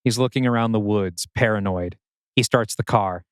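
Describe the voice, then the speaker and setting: A man reading scripted narration for an audio drama in a measured, wry manner. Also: fairly low pitch, clean tone, no room sound, studio quality.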